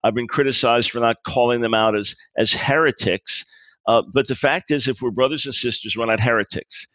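Interviewed about his book in a conversational setting, a man earnestly lays out his views, often restarting phrases and acting out quoted dialogue. His mid-range voice is a bit bright and a little fast, with no room sound.

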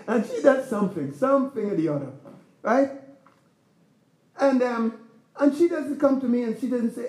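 A man's voice: very high-pitched, very animated, moderate pace, long pauses, mellow, echoey room. A man preaching a sermon as pastor, in a conversational style with rhetorical questions to the congregation. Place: church.

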